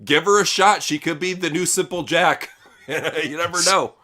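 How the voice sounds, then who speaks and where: A man's voice: a little high, normal speed, over a noisy crowd. A man hosting a casual wrestling news podcast, crude and mocking, laughing often. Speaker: podcast host.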